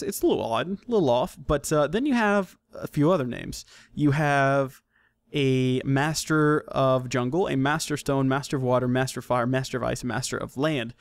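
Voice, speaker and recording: A man's voice: mid-range voice, no echo. A man hosting a casual solo podcast, rambling, self-correcting and joking as he goes. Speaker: podcast host.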